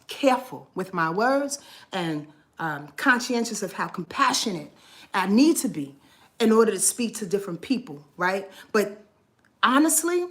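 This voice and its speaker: In a heartfelt, meandering monologue, a female astrology vlogger with a medium-pitched voice talks earnestly and curses without restraint. Emotion wells up, bringing her near tears at moments.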